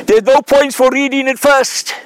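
A man's voice: high voice, slight background noise, poor audio. A man preaching a sermon, telling an illustrative story in an earnest way and then building to emphatic declarations. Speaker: pastor.

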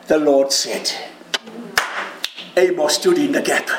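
Male preacher, high voice, unhurried delivery, bursts of loud emotion, echoey church hall. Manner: animated, cries out quoted prayers loudly; jokes with the congregation and home viewers. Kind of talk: sermon. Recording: roomy hall with faint ambience.

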